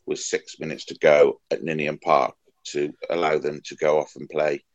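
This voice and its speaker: A man's voice: very deep voice, level tone, normal speed, no echo, muffled recording. A Welsh man co-hosting a football podcast, chatting enthusiastically with restarts and digressions. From Wales. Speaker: podcast co-host. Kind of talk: casual chat.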